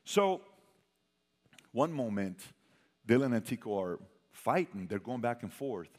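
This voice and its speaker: A man of middle pitch speaks as a motivational speaker, telling a story to a live crowd. He fires questions at the audience and drops from loud bursts to near-whispers. His voice carries a long reverb, as in a large hall. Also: unhurried. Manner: animated, quizzes the audience, swings from loud to hushed.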